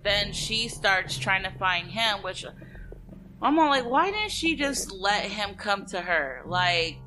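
A woman's voice: medium pitch, big pitch swings, slow, bright, forceful tone, a little hiss or hum, poor audio. A woman chatting casually as she recaps a film, full of fillers and quoting the characters. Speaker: podcast co-host recapping a film. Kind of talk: casual chat.

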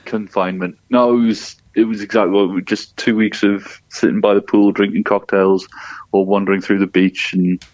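A lower-pitched man tells jokey, self-mocking stories in a casual football podcast chat. His voice comes through a slightly dull, lo-fi line with a dry sound. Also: level tone, normal speed, darkish tone, dry recording. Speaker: podcast regular.

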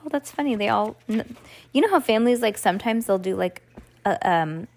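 A woman's voice: mid-range voice, expressive, fairly quick, vocal fry. A woman reading a children's book aloud at home, casually stopping to comment and restart lines. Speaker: reader.

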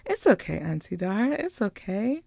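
A woman's voice: on the high side, animated, normal speed, warm tone, no echo, clean studio sound, voice pushed up. A woman voicing a sweet seven-year-old girl who talks earnestly and reassuringly.

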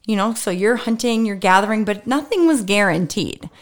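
A woman's voice: mid-range voice, lively intonation, moderate pace. A woman doctor co-hosting a podcast in casual chat, teasing her co-host and laughing often as she explains.

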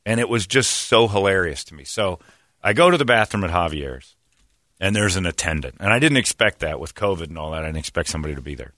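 A man telling comic stories in a rambling, animated way and often laughing mid-sentence. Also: low voice, fast, no room sound. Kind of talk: comedic storytelling.

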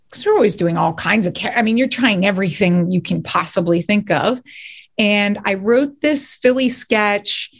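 A woman, a guest actor and writer, telling stories in a casual podcast interview in animated, quick bursts. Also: mid-range voice.

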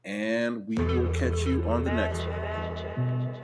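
A man co-hosting a podcast in casual chat, reacting quickly and cutting in. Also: mid-range voice, loud music behind the voice. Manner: animated, quick to react and interrupt. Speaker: podcast co-host.

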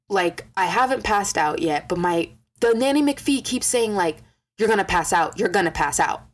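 A young woman telling a story in a casual vlog, swearing a lot and acting out quotes with animated energy. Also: fairly low pitch. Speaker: vlogger.

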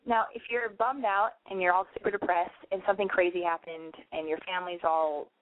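A woman's voice: fairly low pitch, fairly even intonation, fairly quick. A young woman hosting a call-in advice show, blunt, profane and rambling, sounding nasal from a cold. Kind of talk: rambling online radio rant. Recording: tinny phone-like line, dry.

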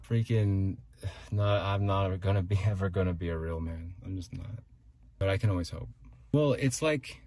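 A man hosts his own podcast, rambling through a solo monologue with many restarts as he talks himself through complaints. His voice is deep, a little mellow, and slightly rough.

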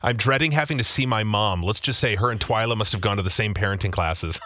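A man's voice: on the low side, sharp tone. A man co-hosting a radio show, reading out listener messages and joking with his co-host. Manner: jokey, quick to laugh.

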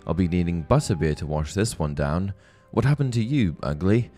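A man reading the lines of a savage male werewolf captor, with a gloating, snarling delivery, in a low voice that swings widely. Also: animated, moderate pace, dark tone, soft background music. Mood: menacing.

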